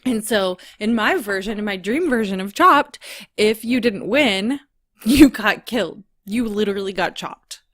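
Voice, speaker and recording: A woman co-hosting a podcast, telling a story in a giggly, animated way. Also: mid-range voice, a little slow. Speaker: podcast co-host. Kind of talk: casual chat.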